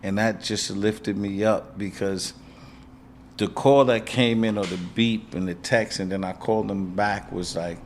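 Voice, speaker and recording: A man's voice: fairly low pitch, fairly even intonation, unhurried, slight background noise. A middle-aged man with a New York accent, hosting an interview and speaking plainly and with emotion. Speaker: podcast host. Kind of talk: interview conversation.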